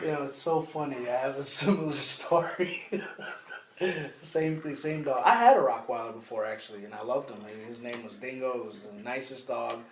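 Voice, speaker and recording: A man co-hosting a podcast, telling an animated story with laughter in casual chat. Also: medium pitch, a little fast. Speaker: podcast co-host. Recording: echoey room, faint noise.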